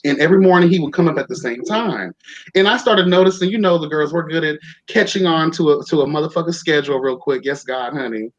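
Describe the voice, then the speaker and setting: A man's voice: fairly high pitch, quick pace. Sassy, profane young man telling a story. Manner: campy, sassy, profane, peppered with "child" and "honey". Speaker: podcast host. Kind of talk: casual storytelling chat. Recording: dull lo-fi sound.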